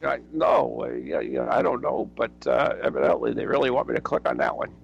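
A man's voice: mid-range voice, very animated, brisk, gravelly, slightly rough, dull audio. A man co-hosting a casual chat show, joking and rambling as he reads headlines. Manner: joking, rambling, laughs often. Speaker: podcast co-host.

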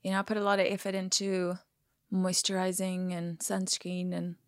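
A woman's voice: on the low side, level tone, normal speed, no room sound. Forties woman guest, American accent, chatty and laughing, dry close sound. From South Africa. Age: 40s. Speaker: guest actor. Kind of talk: casual podcast chat.

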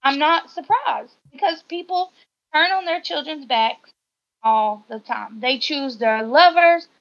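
A woman co-hosting a podcast in casual chat, animated and indignant, her voice rising sharply as she makes her points. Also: high-pitched, unhurried, dry recording. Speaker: podcast co-host. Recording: dull lo-fi recording.

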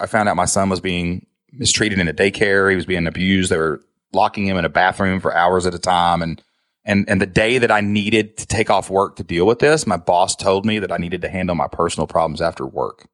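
A man with a low, grounded voice tells his story as a podcast guest. He talks with candid, emotional earnestness and drops a "man" into his sentences often. The sound is close and dry, with no room around it. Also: a bit bright, no room sound. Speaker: guest, online business founder.

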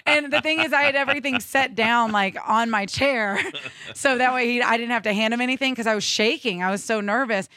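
A woman's voice: a little high, brisk. A young woman co-hosting a radio show, telling a story in casual chat with lots of laughter. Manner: nervous, laughing, animated retelling.

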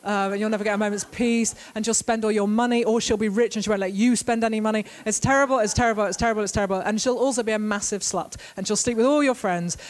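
Brisk, witty woman. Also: medium pitch. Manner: witty, brisk, deadpan asides. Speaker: author and guest speaker. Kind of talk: live talk to an audience. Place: event venue with a live audience.

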